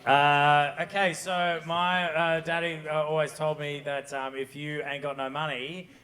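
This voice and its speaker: Bright-voiced man answering a quiz. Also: on the high side, little pitch movement, measured pace. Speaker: panel guest. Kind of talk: answering on a live panel show.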